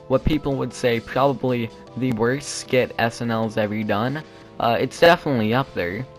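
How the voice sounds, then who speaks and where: A young man in Gen Z giving sarcastic, rambling comedy commentary with lots of fillers and restarts. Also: medium pitch. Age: teens or young adult. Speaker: YouTube commentator.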